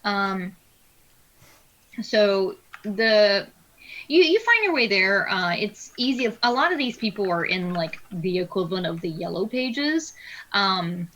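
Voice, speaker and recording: A woman narrating as game master of a tabletop game, pausing often with fillers as she describes places. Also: medium pitch, animated, fairly bright tone, muffled recording. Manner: hesitant, many filler pauses.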